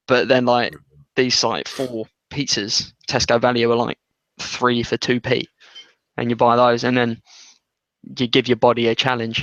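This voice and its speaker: A man's voice: mid-range voice, fairly even intonation, unhurried, a bit bright, dry recording. Young English guy, rambling sweary chat, dead dry, slightly muffled mic. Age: young adult. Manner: sweary, rambling, laughs often. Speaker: podcast co-host. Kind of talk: casual chat.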